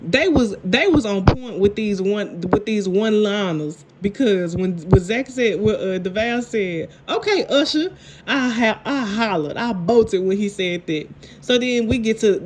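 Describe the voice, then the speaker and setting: Animated woman recapping a TV episode. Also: medium pitch, slight background noise. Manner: animated, laughing, repeats and restarts. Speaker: TV show reviewer. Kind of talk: casual recap chat.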